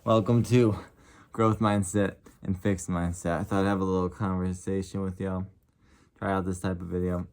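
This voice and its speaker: A man's voice: low-pitched, darkish tone. A young man vlogging in a casual, rambling way, earnest and passionate, with lots of "like" fillers. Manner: rambling, heavy use of "like". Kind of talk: casual talk to camera.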